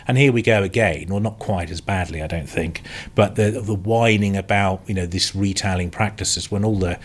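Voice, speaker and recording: A man with a lowish voice from the UK, talking through his views on a podcast panel. He is opinionated and halting, with frequent restarts and fillers. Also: husky. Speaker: industry analyst on a podcast panel. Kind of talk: casual panel discussion.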